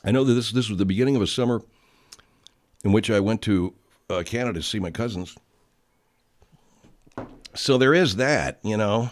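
A man's voice: fairly low pitch, normal speed, long pauses, dry recording. A man hosting a comedy radio show, talking casually in a rambling, profane, self-deprecating way.

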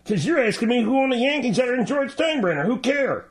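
A man's voice: extremely high pitch, very animated, fast, voice pushed up, exaggerated voice. A man voicing a dim-witted male sidekick on a radio show, talking in a whiny, dopey, defensive way.

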